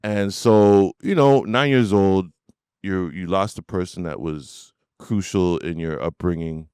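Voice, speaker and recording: A middle-aged man telling a story in casual podcast chat, animated and acting out the people in it. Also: deep voice, unhurried, smooth, dry recording, clean studio sound. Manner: animated storyteller, laughs and acts out voices. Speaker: podcast host.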